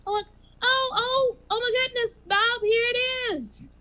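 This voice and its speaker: A woman's voice: very high voice, a little slow, bright, forceful tone, pitched above the performer's own voice, heavily acted. A woman voicing a scatterbrained female office clerk who flutters and exclaims. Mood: fluttery.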